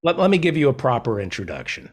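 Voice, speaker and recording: A man's voice: mid-range voice, wildly swooping pitch, fast, breathy edge. A man hosting a podcast, introducing his guest and chatting casually with small stumbles. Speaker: podcast host. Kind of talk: casual interview chat.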